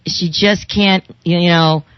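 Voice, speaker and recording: A woman's voice: lowish voice, steady tone, slow pace, smooth, no echo, lo-fi sound. A woman hosting a radio show, chatting in a sympathetic, personal way. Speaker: radio host. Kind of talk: radio interview.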